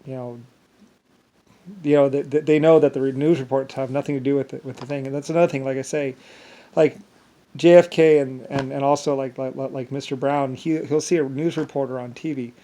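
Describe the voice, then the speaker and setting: Mellow-voiced man rambling on his own. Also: mid-range voice, fairly even intonation, brisk. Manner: meandering, many restarts and filler words. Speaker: solo vlogger. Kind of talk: rambling monologue.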